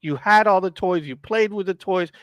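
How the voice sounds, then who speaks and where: High-voiced man bantering as co-host. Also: fairly bright tone, no room sound. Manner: quick banter, acts out what others would say. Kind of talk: casual chat on a live stream.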